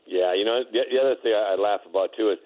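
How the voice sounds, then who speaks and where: A man's voice: lowish voice, rapid-fire, narrow, tinny audio. A middle-aged man, a former basketball player, telling laughing anecdotes in a casual interview, with lots of restarts.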